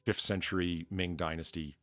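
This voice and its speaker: A man's voice: deep voice, little pitch movement, moderate pace, a bit bright. A man hosting a livestream in casual chat, telling rambling stories with lots of swearing and jokes. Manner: profane, rambling, jokey storyteller. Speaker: stream host.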